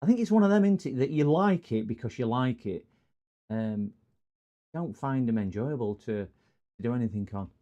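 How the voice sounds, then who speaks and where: A man's voice: mid-range voice, lively intonation, moderate pace, dark tone, muffled recording. A man with a broad Scottish accent chatting casually on a live stream while repairing computers, greeting viewers and rambling through stories. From Scotland.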